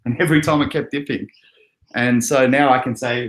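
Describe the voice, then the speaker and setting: In an echoey room, a young Australian man hosts a laid-back crypto live stream, reading viewer comments aloud with plenty of chatter and laughter. His mid-range voice is brisk and a bit bright, with fairly even intonation.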